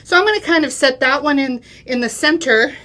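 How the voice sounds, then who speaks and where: A woman's voice: high voice, lively intonation, fairly quick, sharp tone. A middle-aged woman giving a chatty, step-by-step craft demonstration on a live show, checking in with "okay?" and "right?". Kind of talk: live craft product demo.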